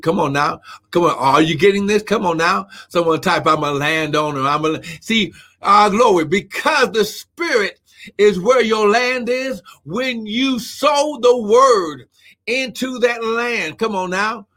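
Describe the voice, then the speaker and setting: A man preaching a live-streamed sermon, fervent and often shouting, who keeps repeating "come on now" and breaks into speaking in tongues. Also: high voice, measured pace.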